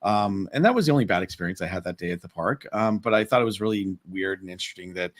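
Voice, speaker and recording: Male podcast co-host, lower register, conversational storyteller. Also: fast talker. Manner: animated retelling with quoted dialogue. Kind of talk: casual panel chat, storytelling.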